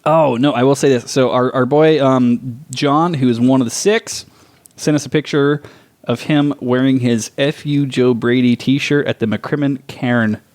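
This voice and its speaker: A man co-hosting a podcast in casual, profane banter, quick to laugh. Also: mid-range voice, fairly even intonation, darkish tone. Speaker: podcast co-host. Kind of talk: casual chat.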